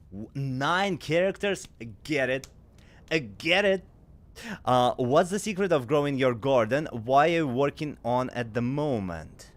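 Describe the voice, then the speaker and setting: A man's voice: mid-range voice, animated, unhurried. Chatty man commenting on a game. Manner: chatty, rambling, reads lines aloud. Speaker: gaming streamer. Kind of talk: casual playthrough commentary.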